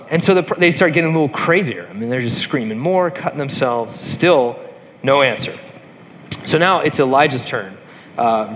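A man teaching a Bible study, reading passages aloud and then retelling them in a casual way, often saying "um" and "like" and clearing his throat. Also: mid-range voice, fairly bright tone. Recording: long reverb, faint background noise.

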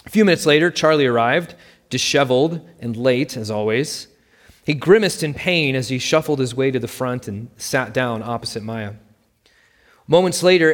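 Casual: guy reading a story out loud, steady, mid voice, big echoey hall. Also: mid-range voice. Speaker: narrator. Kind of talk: storybook narration. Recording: long hall reverb.

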